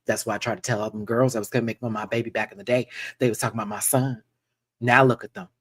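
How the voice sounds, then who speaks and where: A man's voice: mid-range voice, little pitch movement, rapid-fire, fairly bright tone, husky, dry recording. A man voicing a proud, sassy Southern mother of a drag queen, with a country accent and a boastful, teasing drawl. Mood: sassy boasting.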